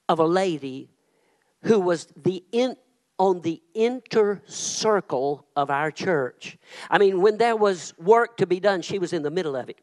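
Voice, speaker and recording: A man preaching a sermon as a pastor, swinging from a hushed prayer to impassioned shouts. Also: sits high, low-quality recording.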